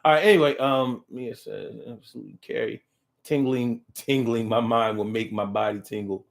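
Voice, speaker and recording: A middle-aged man hosting a casual live talk show, reading viewer comments aloud in an animated, playful way that swings from low drawls to loud bursts. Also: normal speed, creaky.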